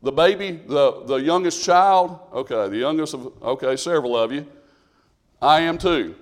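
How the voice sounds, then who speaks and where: A man's voice: a little high, moderate pace. A man preaching a sermon in a conversational way, asking the congregation questions. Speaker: pastor.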